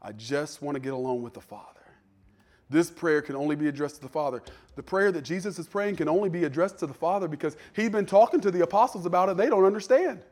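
A man preaching a sermon as pastor to a church congregation, lively, dropping to soft asides and playing out voices. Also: a little high, fast talker.

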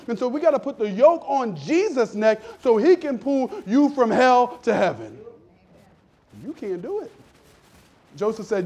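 A man preaching a lively, conversational sermon in a church, calling out to the congregation. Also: very high voice, measured pace, long pauses. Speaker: pastor.

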